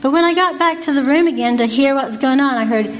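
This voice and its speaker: A woman tells a story from her night shift at a youth residence in a chatty, conversational way. Her voice sits a bit high. She acts out each person as she goes. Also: fast, low-quality recording.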